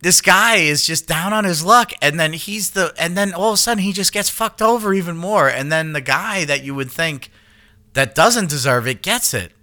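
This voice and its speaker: Bright, lively man in casual profane chat. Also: on the high side, normal speed. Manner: rambling, profane, with many fillers and restarts. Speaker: podcast co-host.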